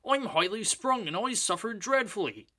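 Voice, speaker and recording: Guy putting on a high whiny storybook engine that moans and complains all the time. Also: expressive, moderate pace, pushed and bright, full character voice. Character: grumbling self-pitying male steam engine.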